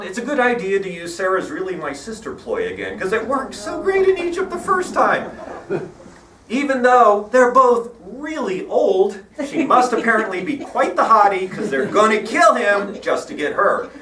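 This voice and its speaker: A man preaches and retells old stories with wry, irreverent asides. His voice is fairly high and swings lively up and down. The recording comes from a reverberant church hall with the mic set well back. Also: a little hiss or hum. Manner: irreverent, wry, animated storytelling. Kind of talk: sermon. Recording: echoey hall, mic at a distance.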